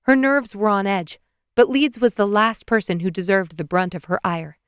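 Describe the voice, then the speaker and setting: A woman narrating an audiobook in an even, expressive reading on a close studio mic. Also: mid-range voice, moderate pace, smooth, dry recording.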